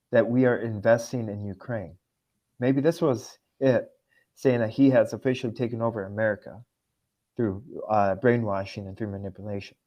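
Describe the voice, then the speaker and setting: A man's voice: mid-range voice, muffled recording. A man from Russia, a guest on a political podcast, speaking in an emotional, earnest way.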